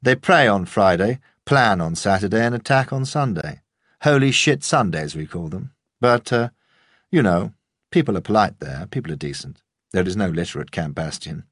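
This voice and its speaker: A man's voice: low voice, lively intonation, normal speed, fairly bright tone, dry recording, studio quality, pitched above the performer's own voice. A man playing a blunt, grimly commanding army captain in an audiobook.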